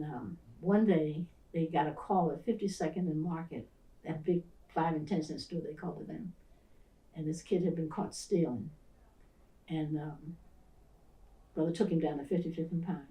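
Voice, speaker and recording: At a moderate pace and low pitch, an older woman pastor from near Philadelphia tells stories in an interview, vividly acting out the voices of those involved. The recording is roomy, captured with a far-off mic.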